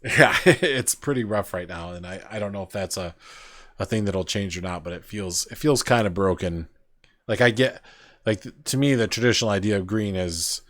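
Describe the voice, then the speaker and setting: A man's voice: on the low side, normal speed, a bit bright, no room sound. A man hosting a podcast, chatting casually in a rambling way with lots of fillers. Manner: rambling, filler-heavy storytelling. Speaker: podcast host. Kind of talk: casual chat.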